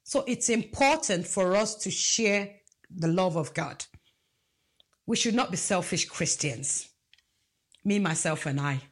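A woman's voice: on the low side, expressive, slow pace, pauses often, slightly rough. A woman preaching a sermon, emphatic and asking the congregation rhetorical questions.

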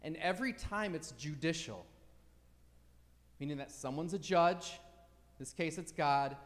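Male pastor, somewhat high voice, emphatic teaching sermon, long hall reverb. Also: expressive, a little slow, long pauses. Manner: emphatic teaching, rhetorical "right?" asides.

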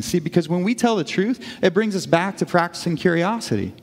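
Conversational pastor preaching in a reverberant hall. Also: male voice, on the high side, fast, few pauses. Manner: conversational, self-correcting, acts out inner dialogue. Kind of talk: sermon.

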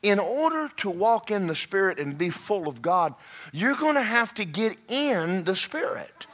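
A man's voice: high voice, very animated, a little slow, a bit bright. A man preaching a sermon as pastor, folksy and repetitive, speaking in bursts.

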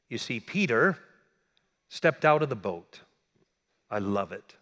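A middle-aged man preaching a sermon as a pastor, telling stories and swinging between loud emphasis and quiet asides. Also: medium pitch, sing-song, takes it slowly, pauses often, big-room sound.

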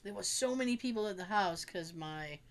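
A woman's voice: mid-range voice, expressive, normal speed. A young woman casually telling family stories, acting out relatives' voices, laughing and swearing as she goes. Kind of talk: casual storytelling chat.

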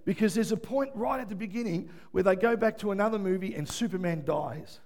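A preacher with a high-pitched voice delivers a sermon. He drops to a near-murmur, then climbs to full shouts, and often stops to ask the congregation "yeah?". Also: a little fast. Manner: swings from hushed to shouting, asks "yeah?". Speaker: pastor.

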